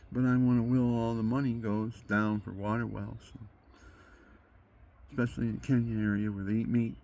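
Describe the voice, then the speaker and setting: An older man delivering a rambling, preachy monologue. He swings between hushed murmurs and loud outbursts. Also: mid-range voice, vocal fry. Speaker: amateur guitarist and video maker.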